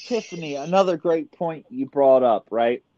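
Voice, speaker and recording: A man's voice: a little high, lively intonation, normal speed, mellow, lo-fi sound. A man hosting a podcast, talking emphatically and adding sarcastic asides. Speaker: podcast host. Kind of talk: casual podcast conversation.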